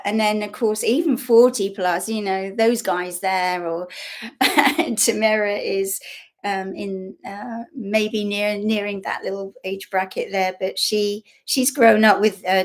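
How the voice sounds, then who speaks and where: An English woman talking casually to viewers on a live stream at home. She rambles in a chatty way with frequent fillers, asides and soft laughter, at an ordinary middle pitch. Her voice is picked up by a built-in laptop microphone. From England. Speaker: YouTube host.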